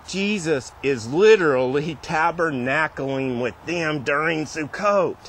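A man preaching a sermon in a church, with a voice of ordinary middle pitch. He retells scripture in a relaxed, conversational way, as if chatting with the congregation. A faint hum of background noise sits under his voice. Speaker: pastor.

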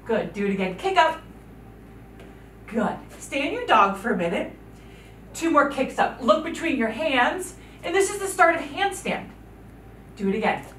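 A high-pitched woman with a fairly bright tone leads a children's yoga session, offering upbeat encouragement and counting each move. Some light hiss or hum runs underneath, and the echoey room is heard from a distance.

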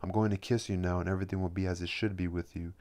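A gentle, sorrowful woman speaking softly to a sick young man, voiced by a male reader. The voice stays deep and even, with no real shift toward a female pitch. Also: racing, natural voice. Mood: tender. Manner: soft, tender.

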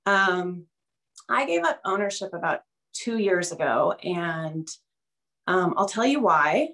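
Speaking slowly with big pitch swings, a middle-aged woman with a lowish, fairly bright voice shares her story as a guest on a video call. The testimonial is casual and candid, a touch nervous, and dotted with fillers and little laughs.

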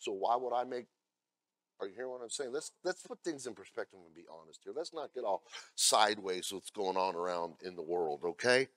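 A male pastor delivering a sermon, moving between loud scripture readings and blunt asides to the congregation. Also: fairly low pitch, animated, fairly quick, no echo. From America. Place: church.

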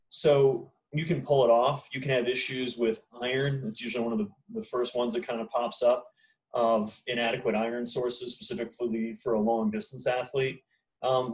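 A man's voice: medium pitch, darkish tone, far from the mic, low-quality recording. A man giving a casual, blunt lecture to his students as their instructor. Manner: informal, blunt, talks to students directly. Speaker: exercise physiology instructor.

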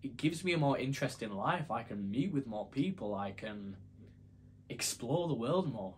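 A man's voice: medium pitch, lively intonation, moderate pace, a little hiss or hum. A young man telling a story to camera in a casual, rambling, self-deprecating way. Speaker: YouTuber.

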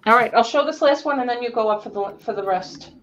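A woman's voice: fairly high pitch, fast, highs cut off. A woman with a Long Island accent hosting a live resale auction, chatting with viewers and reading out item sizes and bidder names. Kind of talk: casual live-sale patter.

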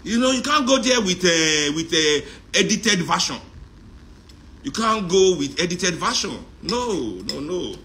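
A middle-aged Nigerian man with a Nigerian accent, talking in a joking, animated monologue that mixes in Pidgin and Yoruba. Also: high voice, unhurried. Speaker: musician talking on a live stream. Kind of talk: casual monologue.

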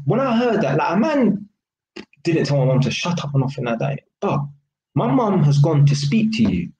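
A man's voice: on the high side, very animated, moderate pace, darkish tone, highs cut off, a little hiss or hum. A young man with a London accent, ranting casually to camera in street slang. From England. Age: young adult. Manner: heated street slang, repeats "innit". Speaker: vlogger. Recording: echoey room with faint ambience.

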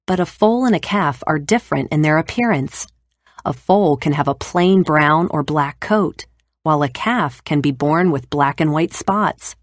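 Low-pitched female narrator for a kindergarten lesson, clear and steady. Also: a little slow, dry recording, studio quality. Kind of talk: educational read-aloud for kindergarten.

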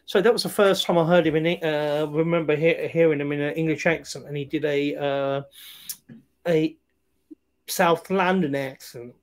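A man with a fairly high voice talks through a film in loose, casual chat. He hesitates often, trailing off into fillers and restarting his sentences. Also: steady tone, normal speed. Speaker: film review podcast co-host.

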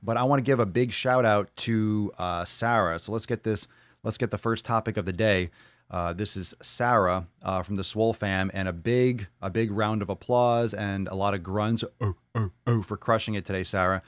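A man hosting a podcast in a casual monologue, excitable and profane, often repeating phrases. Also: on the low side, moderate pace, no room sound. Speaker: podcast host.

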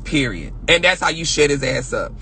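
Loud, sassy man streaming from home: high, bright voice that swings widely, cuts in with quick profane comebacks. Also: sing-song, slight background noise. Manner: loud, projecting, sassy, profane, laughs often. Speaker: livestream host. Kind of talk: casual livestream rant.

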